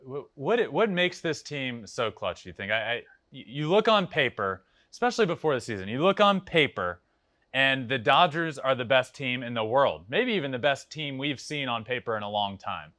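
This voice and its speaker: A young man hosting a podcast, chatting casually and telling animated, laughing stories. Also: medium pitch, normal speed, dry recording, clean studio sound. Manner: animated storyteller, laughs often. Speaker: podcast host. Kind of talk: casual interview chat.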